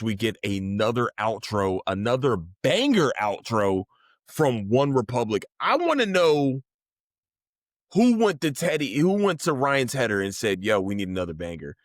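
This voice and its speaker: A man's voice: medium pitch, no echo, studio quality. A man hosting a casual solo podcast, talking in a rambling, profane and enthusiastic way. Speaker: podcast host.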